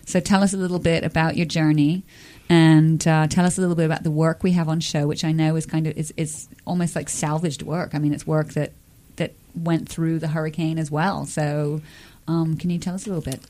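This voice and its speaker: A woman's voice: deep voice, little pitch movement, brisk, few pauses, warm tone. A woman hosting a radio show in a studio, chatting in a jokey way with lots of fillers and little laughs. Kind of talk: casual studio interview.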